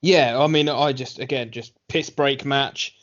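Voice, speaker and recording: A man's voice: medium pitch, steady tone, unhurried, a bit bright. A man co-hosting a wrestling review podcast, talking bluntly and dismissively with lots of swearing. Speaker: podcast co-host. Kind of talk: casual wrestling review chat. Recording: dull lo-fi podcast audio.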